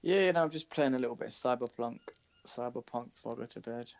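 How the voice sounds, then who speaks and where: A British man chatting casually over voice chat, relaxed and a little profane. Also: mid-range voice, quick pace. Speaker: guest in voice chat.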